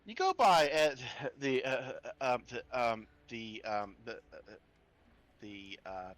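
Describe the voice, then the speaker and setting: A man's voice: mid-range voice, lively intonation, takes it slowly, fairly bright tone, no room sound, poor audio. A man running a tabletop horror game as game master, often stalling on fillers and restarting sentences. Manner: hesitant, many fillers and restarts.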